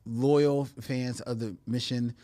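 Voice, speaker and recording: A man's voice: medium pitch, steady tone, takes it slowly, mellow. A man co-hosting a live video podcast in casual chat, teasing and laughing often, drawing out words for emphasis. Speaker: podcast co-host. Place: podcast studio.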